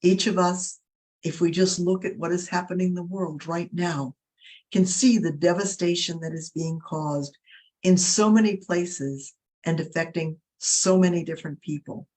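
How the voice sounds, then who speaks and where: Woman giving a faith talk, earnest and preachy, slows right down on the big points. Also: fairly low pitch, steady tone, darkish tone. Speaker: presenter. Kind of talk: faith talk with a told fable.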